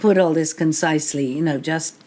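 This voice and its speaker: A woman's voice: low voice, fairly even intonation, brisk, mellow, slight background noise. An older English woman, a guest author at a live bookshop event, telling stories in a wry, anecdotal way and laughing often. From England. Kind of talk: live interview storytelling. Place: bookshop event before an audience.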